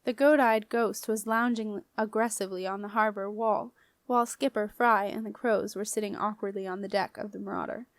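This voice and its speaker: A woman reading a children's fantasy novel aloud as an audiobook narrator, in a clear, even storytelling manner. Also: medium pitch, a little fast, no room sound, clean studio sound. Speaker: audiobook reader.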